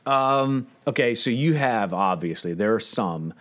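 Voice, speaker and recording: A man's voice: mid-range voice, animated, measured pace, a bit bright. A man co-hosting a podcast in casual chat, rambling with restarts and acting out other people's lines. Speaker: podcast co-host.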